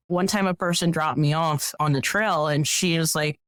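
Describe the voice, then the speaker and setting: A woman guest on a podcast telling stories in a casual, animated way, acting out what people said. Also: low voice, normal speed, few pauses, no room sound. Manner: animated, acts out quoted voices. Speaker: podcast guest, professional hiker. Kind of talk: casual storytelling.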